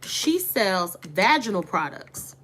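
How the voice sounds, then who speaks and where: A woman's voice: medium pitch, very animated, slow pace, a bit bright. Chatty woman vlogging to her viewers. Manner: chatty, candid, addresses viewers as y'all. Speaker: online boutique owner and vlogger. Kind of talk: casual chat to camera.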